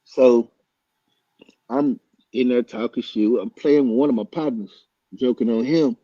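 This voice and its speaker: A man telling a story loudly and excitably, acting out voices and punches with sound effects. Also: mid-range voice, measured pace, dry recording. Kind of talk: animated storytelling. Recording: dull lo-fi sound.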